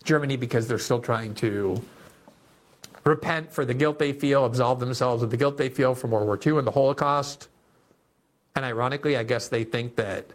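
Sarcastic male political commentator. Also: medium pitch. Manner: sarcastic, indignant, reads quotes aloud. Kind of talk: opinionated commentary on news clips.

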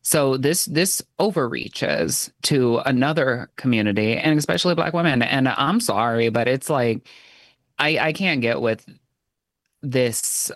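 A man in casual political chat, ranting in an animated, exasperated way and acting out the people he quotes. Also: medium pitch, moderate pace, no room sound, clean studio sound.

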